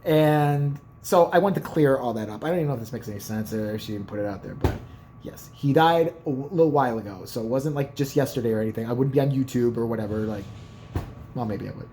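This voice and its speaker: A man's voice: medium pitch, fast talker, warm tone, slight background noise. A man vlogging casually, telling rambling, profane, joking stories about his family. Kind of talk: casual storytelling.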